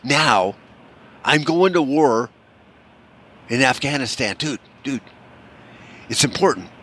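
A man's voice: mid-range voice, expressive, takes it slowly, bright, forceful tone, slight background noise, voice pushed up. A man doing a broke, begging Uncle Sam. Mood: pleading. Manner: pleading, repetitive "dude, dude". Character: broke, pushy male hustler begging for money.

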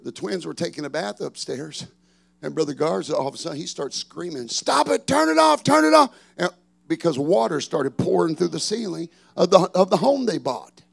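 A middle-aged man, a pastor preaching a sermon, swinging from shouted refrains to chatty storytelling. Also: on the high side, vocal fry.

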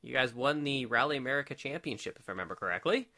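A man's voice: medium pitch, animated, fast, a crowd in the background. A man hosting an interview, leading his guests with enthusiastic questions. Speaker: podcast host. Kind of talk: casual interview.

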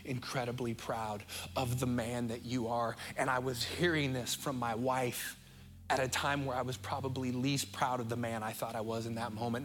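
A middle-aged man with an American accent preaching a sermon as pastor, earnest and openly emotional, slowing right down on key phrases. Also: medium pitch, fairly bright tone. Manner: emotional, earnest, speeds up and slows down for emphasis.

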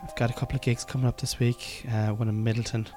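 A man's voice: mid-range voice, little pitch movement, quick pace, music in the background. A man in his thirties with a Cork Irish accent, hosting a podcast as a comedian in a loose, chatty, self-deprecating monologue full of fillers and restarts. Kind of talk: casual rambling podcast monologue.

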